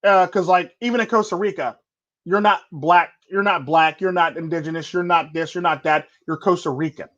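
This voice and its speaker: A man's voice: high-pitched, moderate pace, a bit bright, highs cut off. A man hosting a casual chat, talking bluntly and rambling with repeated stock phrases. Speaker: podcast host.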